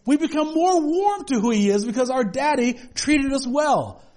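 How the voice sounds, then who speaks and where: A man's voice: very high-pitched, animated, normal speed, a little mellow. A male pastor preaching a sermon to a congregation in a conversational way, with humorous asides. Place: church with a congregation.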